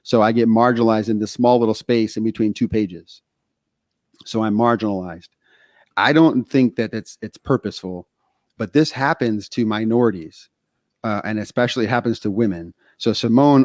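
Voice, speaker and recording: Low-voiced man chatting on a podcast. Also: moderate pace, dry recording, studio quality. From Texas. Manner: animated storyteller, frequent fillers and restarts. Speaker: podcast co-host. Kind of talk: casual podcast discussion.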